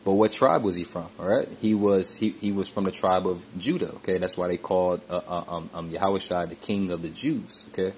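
A man teaching from scripture in a repetitive, halting way, tagging nearly every phrase with "man," "all right," "okay" or "you see," with many fillers and restarts. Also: sits low, a little mellow, a little hiss or hum. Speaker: religious teacher.

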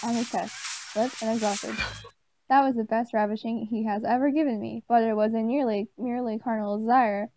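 A woman reading a story aloud in a deadpan way. She stumbles over words and breaks off to swear and make snide asides. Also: on the high side, slight background noise, rough recording. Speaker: channel host reading aloud. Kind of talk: mock dramatic reading of a story.

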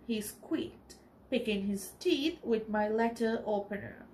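A woman teacher from the Maldives reading a storybook aloud for a children's TV lesson, pausing to explain the text. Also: on the high side, slight background noise. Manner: expressive, explains as she reads.

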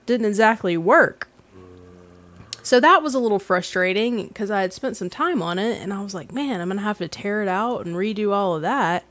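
A woman hosting a gaming let's play, chatting casually and self-deprecatingly as she plays, laughing often. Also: mid-range voice. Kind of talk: casual gameplay commentary.

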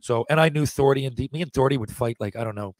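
A man's voice: medium pitch, fast, a little mellow, no echo. A man in his forties, a podcast guest, telling rambling, profanity-laced anecdotes in a casual way. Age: 40s. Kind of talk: casual storytelling.

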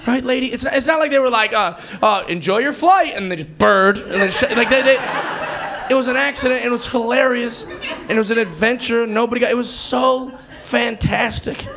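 A man performing live stand-up, telling a story in an excitable way and acting out other people's voices. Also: very high-pitched, a little fast, vocal fry. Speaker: stand-up comedian. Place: comedy club stage before a live audience. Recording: live club recording with crowd laughter.

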